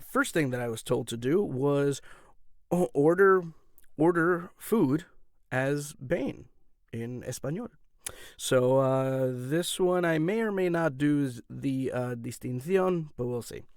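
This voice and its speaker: A man's voice: fairly high pitch, lively intonation, a little slow, vocal fry, no echo. A man hosting his own channel, talking casually and loosely to camera from a home voice-over booth on studio mics. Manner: chatty, loose, many fillers and restarts. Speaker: voice actor and YouTube host. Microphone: studio condenser and shotgun mics.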